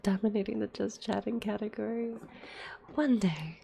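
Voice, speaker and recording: A woman's voice: mid-range voice, steady tone, normal speed, vocal fry, warm tone. Woman streamer, sick, whispered ASMR chat, rambling and profane, faint hiss behind. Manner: whispering, casual and rambling with heavy swearing.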